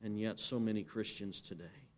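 A man's voice: lowish voice, steady tone, moderate pace. A man preaching a sermon as pastor, emphatic and direct. He asks the congregation to answer him and reads scripture aloud.

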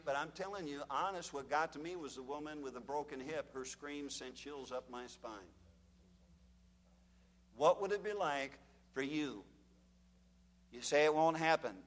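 A man's voice: a little high, in a large hall. Man preaching a fiery sermon. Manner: dramatic storytelling, shouts out quoted screams. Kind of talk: fire-and-brimstone sermon.

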